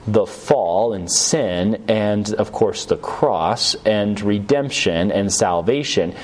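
A man's voice: on the low side, slow, a little mellow. A man teaching a recorded Bible lesson in a conversational way, often checking in with "right?" and "yes?" and restarting his sentences as he goes. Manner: loose, with restarts and fillers.

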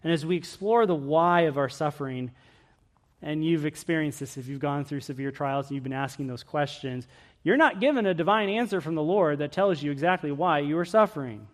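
A man's voice: a little high, expressive, brisk. Earnest man preaching with rising intensity. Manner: earnest, swings between loud questioning and hushed emphasis. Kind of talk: sermon.

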